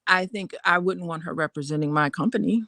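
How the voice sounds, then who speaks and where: A woman's voice: lowish voice, fairly quick, pushed and bright, no room sound, studio quality. A woman therapist in casual conversation, giving frank and emphatic opinions. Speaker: therapist and host. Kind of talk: casual chat.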